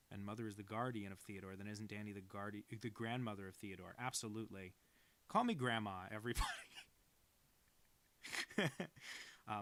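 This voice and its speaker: On his drawing stream, a young adult cartoonist makes easygoing, rambling conversation and pokes fun at himself. He has a gravelly voice on the low side with a bit of brightness.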